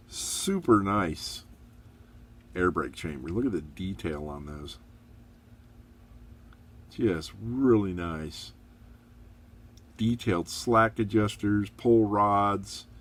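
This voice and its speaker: Middle-aged man, very low voice, easygoing hobbyist reviewer, chatty and encouraging. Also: slow pace, long pauses. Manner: relaxed, chatty, rambling with fillers; upbeat, encouraging. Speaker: model kit reviewer.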